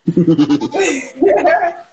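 A man's voice: very high voice, huge pitch swings, very slow, a little mellow, slight background noise, poor audio. A man taunting and boasting in a live-stream roast battle. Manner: taunting, boastful, laughing jabs.

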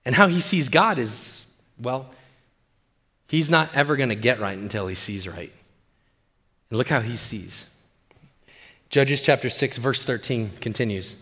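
A male pastor preaching in an animated, playful way, often putting questions to the congregation. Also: mid-range voice, slightly rough, long reverb tail. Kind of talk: sermon.

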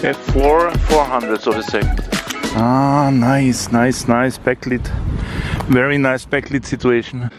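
German male vlogger, mid pitch, slow and chatty, outdoors, loud music bed. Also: fairly even intonation. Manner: unhurried, enthusiastic, thinks aloud. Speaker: film photography vlogger. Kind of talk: casual narration while shooting outdoors. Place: outdoors in a city street.

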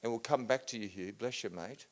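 A man's voice: lowish voice, a little fast. Fervent English man praying. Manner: fervent declaring prayer, swings from soft to loud; casual matey address. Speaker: healing minister. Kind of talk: praying over people at a healing meeting.

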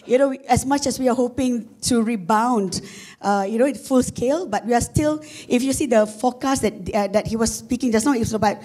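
A woman with a Malaysian English accent and a husky voice, giving a chatty conference presentation with many fillers and restarts. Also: fairly high pitch, a little fast, warm tone. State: husky voice from dust. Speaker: conference speaker, marketing executive. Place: conference room.

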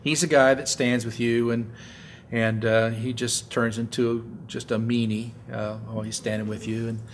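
A man's voice: medium pitch, level tone, moderate pace, a little hiss or hum. A man preaching a sermon in church, talking with the congregation and acting out what people say, often asking "right?". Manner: acts out quoted voices with swings between loud and soft; conversational, repeats words and asks the audience "right?". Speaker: pastor. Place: church sanctuary.

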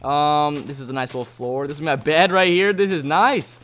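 A man hosting a gaming video, joking playfully through his game and swinging between loud yelps and quiet asides. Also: a little high, steady tone, normal speed. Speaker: gaming channel host. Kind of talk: Let's Play commentary.

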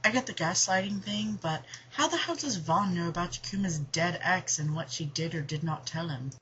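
A woman with a low-set but bright, sharp voice reads listener questions and answers them in quick, sarcastic chat. Faint room ambience sits under a dull, lo-fi home recording. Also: slight background noise. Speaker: podcast cast member answering listener questions. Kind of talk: casual chat reading out questions.

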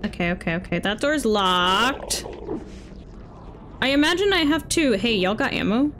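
A woman's voice: on the high side, animated, moderate pace, noisy background. A woman streaming a video game, chatting away and talking back at the game characters with sudden exclamations. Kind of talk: live gameplay commentary. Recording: game gunfire loud behind voice.

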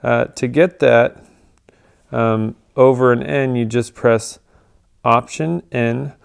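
Gravelly, smooth-voiced man explaining shortcuts. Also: medium pitch, slow. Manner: relaxed, with frequent ums and uhs. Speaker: tutorial presenter. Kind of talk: casual screen tutorial.

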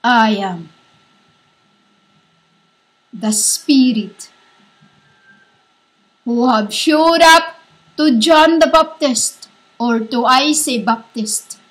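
Slow, high-voiced woman preaching fervently. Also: animated, fairly bright tone, slightly rough. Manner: halting, repetitive, speaks as a divine voice. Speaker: self-styled prophet. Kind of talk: fervent prophetic declaration.

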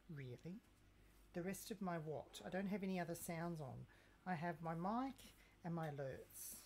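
A woman's voice: lowish voice, animated, normal speed, darkish tone. Chatty woman cooking on a livestream. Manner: chatty, talks to herself and chat, playful mock threats. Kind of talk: casual live-stream chat while cooking. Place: home kitchen.

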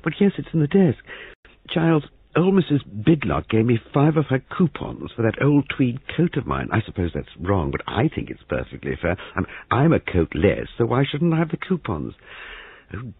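A man's voice: mid-range voice, big pitch swings, normal speed, creaky, breathy edge, no echo, voice pushed up, full character voice. A man voicing an anxious young wife who runs a guesthouse, with a flustered, pleading manner, heard in a phone-like, lo-fi reading.

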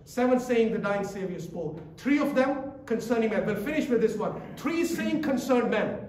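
A man's voice: very high voice, animated, moderate pace, a little mellow, slight background noise. A man preaching a sermon in a church, emphatic and repetitive, quizzing the congregation as he goes. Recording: echoey church from a distance.

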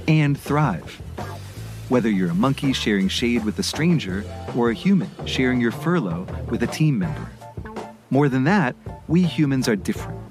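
A man co-hosting a podcast, reading scripted narration in a measured, earnest way. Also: medium pitch. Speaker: podcast co-host. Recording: music bed underneath.

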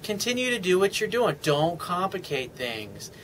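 A man's voice: high-pitched, big pitch swings, moderate pace, a bit bright, slight background noise. A man giving dating advice as a coach, blunt and emphatic, with casual swearing. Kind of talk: advice monologue to a viewer.

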